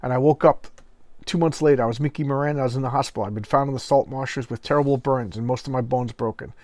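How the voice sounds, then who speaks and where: A man's voice: mid-range voice, fairly even intonation, quick pace, darkish tone, dry recording, lightly acted. A man reading as an earnest, haunted superhero. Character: earnest male superhero, regaining lost memories.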